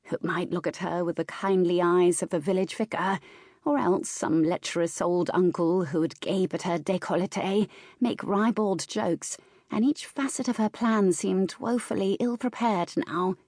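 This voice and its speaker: A woman reading a historical romance audiobook in a measured, expressive way. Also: fairly low pitch, dry recording, clean studio sound. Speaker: audiobook narrator. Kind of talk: scripted narration.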